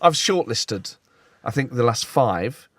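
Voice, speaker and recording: A man's voice: mid-range voice, expressive, takes it slowly, fairly bright tone, no room sound. A man with an English accent hosting a football podcast, chatty and playful, reading listener jokes aloud. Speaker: podcast host. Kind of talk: casual podcast chat.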